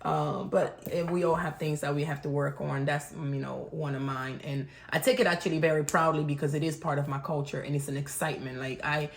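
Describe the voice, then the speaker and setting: A woman's voice: low-pitched, fairly quick, vocal fry, few pauses, echoey room. Frank, laughing African woman. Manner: laughs often, frank, excitable. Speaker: co-host. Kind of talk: casual couple's conversation.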